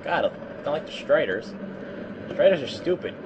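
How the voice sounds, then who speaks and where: A man's voice: on the high side, animated, moderate pace, dull audio, background noise. Jumpy, swearing man gaming. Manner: swearing, complaining, jumpy outbursts. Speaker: gamer. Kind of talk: let's play commentary.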